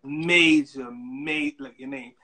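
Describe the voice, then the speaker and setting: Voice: mid-range voice, slow, sharp tone. A show host chatting casually with a guest, playful and teasing, laughing often. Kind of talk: casual interview chat.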